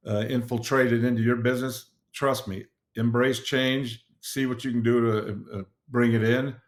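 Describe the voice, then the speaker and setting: A middle-aged man hosting a podcast, giving an earnest motivational solo talk with frequent fillers and restarts. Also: medium pitch. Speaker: podcast host.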